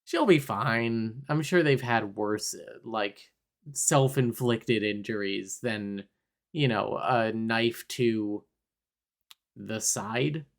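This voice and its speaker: A man's voice: fairly low pitch, gravelly. A man co-hosting a podcast, recapping a movie in wry casual chat and acting out the characters' lines. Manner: wry, acts out characters' lines in quick bursts. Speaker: podcast co-host.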